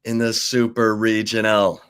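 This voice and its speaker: A man's voice: lowish voice, little pitch movement, a little slow, a bit bright, smooth. A man co-hosting a live sports talk show, chatting in a dry, easygoing, teasing way. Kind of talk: casual sports chat.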